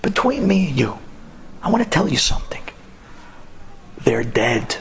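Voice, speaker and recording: A man voicing a brash, scoffing older taxi driver and war veteran who shouts and mixes in Hebrew phrases. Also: fairly high pitch, sing-song, measured pace, creaky, a little hiss or hum, full character voice. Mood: scoffing, ranting.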